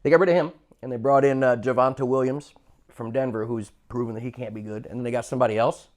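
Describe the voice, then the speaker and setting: A man's voice: medium pitch, fast talker. A man co-hosting a comedy podcast, telling rambling stories in casual chat and acting out quotes. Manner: rambling storyteller, animated, acts out quotes. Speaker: podcast co-host.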